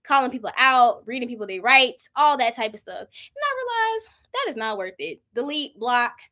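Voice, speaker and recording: A young woman in her twenties leads a Bible study in an easy, conversational way. Her voice sits a bit high, and she drops into acting out her own prayers as she explains. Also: very animated, normal speed, sharp tone. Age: 20s. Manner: chatty and informal, acts out her own prayers. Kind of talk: casual Bible study teaching.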